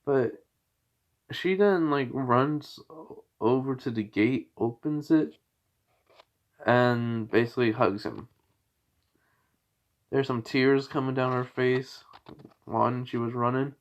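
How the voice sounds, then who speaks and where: A man casually retelling a fan-fiction story in a rambling, halting way, with lots of fillers and restarts. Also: mid-range voice, dull audio.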